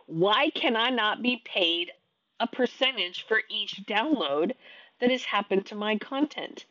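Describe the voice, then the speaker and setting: A woman's voice: medium pitch, normal speed, fairly bright tone, no echo, lo-fi sound. A woman in her thirties, an online teacher, venting her frustration in a casual talk to camera, often restarting her sentences.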